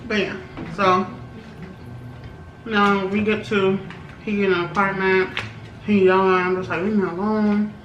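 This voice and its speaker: A young woman, telling a story in animated, slangy style while eating, often laughing. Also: medium pitch, unhurried, pauses often, recorded from a distance, faint music behind. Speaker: vlogger, co-host. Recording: roomy, off-mic, faint background hum.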